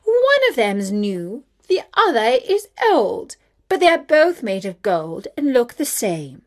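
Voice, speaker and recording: A woman voicing a wicked, scheming queen in a storybook reading, shrill and accusing. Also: very animated, slow. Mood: scornful.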